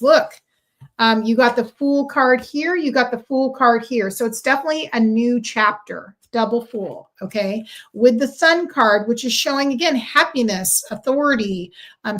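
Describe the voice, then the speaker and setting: Gushing tarot lady on a livestream, kinda high voice, lots of um and okay. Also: fairly bright tone. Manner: chatty and effusive, frequent ums and "okay", addressing viewers directly. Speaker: livestream tarot and astrology reader. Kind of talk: live-streamed spiritual reading, chatting with viewers.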